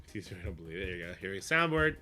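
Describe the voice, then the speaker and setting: Male livestreamer, casual and profane, bright cutting voice, faint music underneath. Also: sits low, racing. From Canada. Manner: profane, animated, answers chat. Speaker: streamer.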